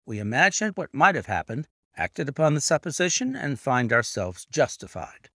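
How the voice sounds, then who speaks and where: A man voicing a calm, clever detective with a measured, composed manner in a read-aloud story. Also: mid-range voice, no echo, clean studio sound, voice pushed up, full character voice. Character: calm, clever male detective, cool and assured.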